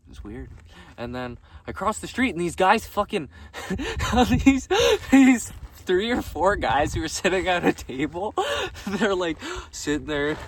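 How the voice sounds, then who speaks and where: A man vlogging outdoors on a gravel road, casually recapping his day with frequent laughter and easy swearing. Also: fairly high pitch. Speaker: vlogger dressed as a jester. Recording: distant mic with faint outdoor noise.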